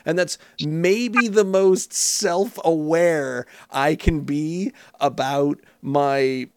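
A man's voice: a little high, drawn-out words, clear, resonant tone, dry recording. A Canadian man in casual chat, ranting in a self-mocking, judgmental way. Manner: self-mocking, judgmental rants with acted-out quotes.

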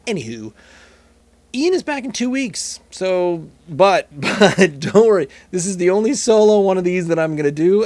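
A man's voice: high-pitched, a little mellow. A man hosting a casual beer podcast, rambling and joking at himself as he tastes. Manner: rambling, jokey, self-mocking. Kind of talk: casual solo chat while tasting beer.

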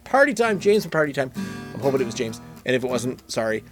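A man's voice: mid-range voice, big pitch swings, quick pace, over music. A man hosting a casual beer podcast, rambling and joking at himself as he tastes. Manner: rambling, jokey, self-mocking. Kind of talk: casual solo chat while tasting beer.

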